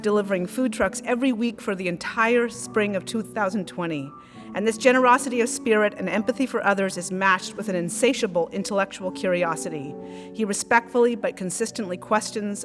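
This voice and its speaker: A woman's voice: mid-range voice, fairly bright tone, big-room sound. A woman teacher reading prepared graduation tributes for students, with small stumbles over words. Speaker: school teacher. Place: school event hall.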